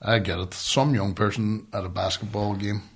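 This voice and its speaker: A man's voice: on the low side, steady tone, normal speed, husky. A man co-hosting a podcast, telling rambling, sweary stories in casual chat. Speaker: podcast co-host.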